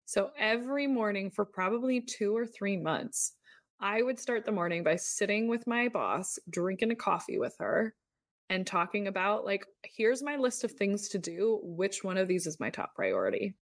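A woman's voice: mid-range voice, expressive, moderate pace, dry recording, studio quality. A woman in her thirties hosting a podcast, telling her own story in a candid, confessional way with lots of "like.". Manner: candid, confessional, uses "like" often. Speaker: podcast host. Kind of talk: personal storytelling monologue.

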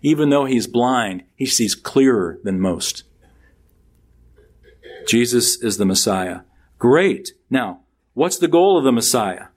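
Male pastor, mid-pitched, preaching a sermon, emphatic pitch swings. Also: slow, long pauses. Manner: preaches with lively pitch swings, reading scripture aloud.

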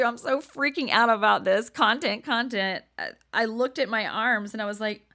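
A woman's voice: on the high side, lively intonation, moderate pace, pushed and bright. An older woman hosting a podcast, telling personal stories in a chatty way, laughing often and dropping to near-whispers for emphasis. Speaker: podcast host. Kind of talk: casual storytelling monologue.

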